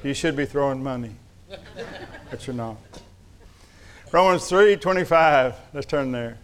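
This middle-aged preacher spins humorous, folksy tales in a sermon, addressing listeners in a Southern way. His mid-range voice is expressive, unhurried, a bit bright and clean in tone.

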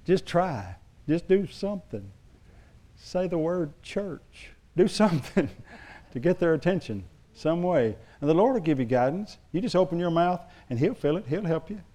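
A man's voice: on the high side, expressive, moderate pace, mellow. A middle-aged male pastor preaching a sermon, telling stories in a loose, rambling way with restarts.

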